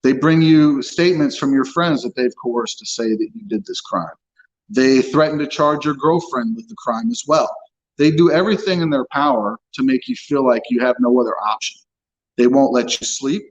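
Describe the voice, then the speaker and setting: A man of ordinary pitch tells his story as an interview guest, blunt and unfiltered, with curse words slipping in as plainly as any other word. The audio is dull and lo-fi. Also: normal speed. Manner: blunt, swears freely, frank storytelling. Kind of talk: candid personal account.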